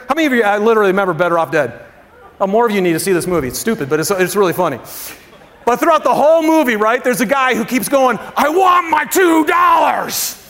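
A man with a notably high speaking voice preaches to his congregation in a loose, chatty way. He asks them questions and drops into casual slang. At times he falls to a near-hush to drive a point home. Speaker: pastor. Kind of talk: sermon.

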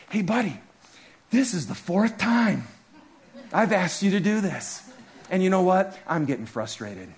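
A man in his thirties preaching a sermon as a pastor, telling stories with his voice rising high and dropping low. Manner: animated storytelling, voice rising and dropping sharply.

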